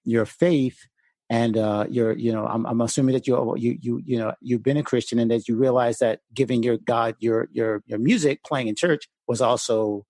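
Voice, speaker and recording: A man hosting a podcast interview, asking questions in a halting way and often repeating words. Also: mid-range voice, steady tone, darkish tone, dry recording. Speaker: podcast host. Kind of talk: casual interview chat.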